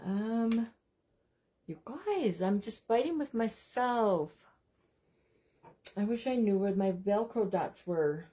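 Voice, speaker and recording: A woman's voice: medium pitch, expressive, takes it slowly, long pauses, warm tone. Chatty woman hosting a craft livestream. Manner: chatty, keeps addressing viewers as "you guys"; self-deprecating and apologetic. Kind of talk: casual livestream chat.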